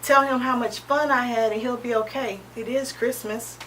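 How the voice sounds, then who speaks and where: A woman in her thirties, an interview guest sharing a personal testimony in a halting, earnest way, often pausing with "um" and restarting. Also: on the high side, fairly even intonation, over a noisy crowd. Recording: distant mic with faint background noise.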